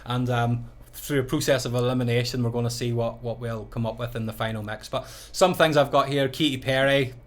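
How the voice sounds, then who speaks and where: A man's voice: medium pitch, steady tone, brisk, hardly any pauses. Ballymena-accented man, chatty DJ host. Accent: Northern Irish, Ballymena. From Northern Ireland. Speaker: wedding DJ and podcast co-host. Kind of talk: casual chat.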